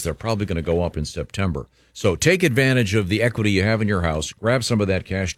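A man's voice: fairly low pitch, dry recording, clean studio sound. A man hosting a morning radio show, bantering and reading a sponsor ad in a loose, chatty way. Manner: loose, chatty, with filler words in his ad reads. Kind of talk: casual radio banter and live-read ad.

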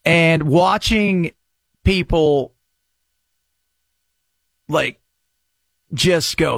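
Man, talk radio host, sarcastic, mocking shouts, high voice, dry studio mic. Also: lively intonation, extremely slow, long pauses, dry recording. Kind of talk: opinionated talk radio monologue.

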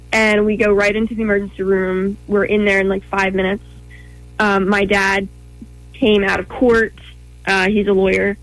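An earnest young woman tells her story as an interview guest, in short rushed phrases broken up by ums. Her voice sits in a middle register. The sound is close and dry, with no room around it. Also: medium pitch, dry recording, low-quality recording.

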